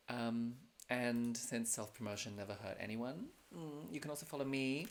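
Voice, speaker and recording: A man hosting a livestreamed drag show from home, chatting casually with plenty of fillers and self-mocking jokes. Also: mid-range voice. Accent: non-American. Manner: self-deprecating, joking, many fillers.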